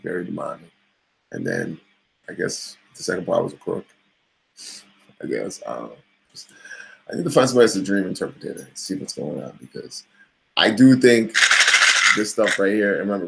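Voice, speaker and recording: Gravelly, blunt motivational man. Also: sits low, a bit bright, poor audio. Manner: blunt, swears freely, motivational pep talk. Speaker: vlogger and coach. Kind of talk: casual talking-head vlog.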